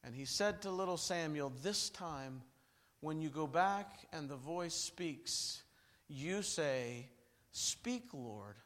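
A man preaching a revival sermon, telling stories dramatically and swinging from loud bursts to hushed lines. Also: on the high side, takes it slowly.

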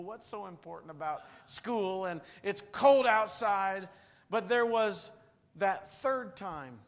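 Man preaching, middle-aged, high voice, dramatic hushed-to-loud swings, long hall reverb. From southern Indiana. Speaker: pastor. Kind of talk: sermon.

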